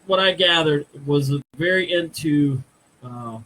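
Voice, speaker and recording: A man's voice: fairly high pitch, slow pace, bright, forceful tone, rough recording. A man hosting a live paranormal show, speaking hesitantly with lots of fillers. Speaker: podcast host. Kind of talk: casual live-stream chat.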